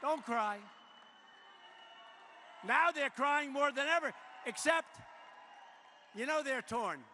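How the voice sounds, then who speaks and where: A man's voice: very high voice, lively intonation, unhurried, pauses often, pushed and bright. Boastful older man at a rally. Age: 70s. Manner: boastful, repetitive, riffing off-script. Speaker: politician addressing a rally. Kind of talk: campaign rally speech. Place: large indoor arena. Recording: echoey arena with long reverb, faint noise.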